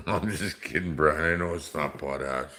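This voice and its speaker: A man's voice: a bass voice, bright, forceful tone, slight background noise. A middle-aged man, a bit drunk, rambling and joking off-color with viewers on a casual livestream. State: tipsy from drinking. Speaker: livestream host.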